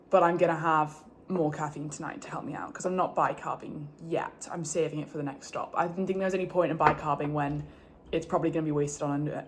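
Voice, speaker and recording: A young woman, chatting to her phone camera in a casual, giggly, hyper way. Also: deep voice. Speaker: swimmer vlogging at competition. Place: hotel and pool area, indoors. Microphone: handheld phone camera. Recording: background noise, ambience.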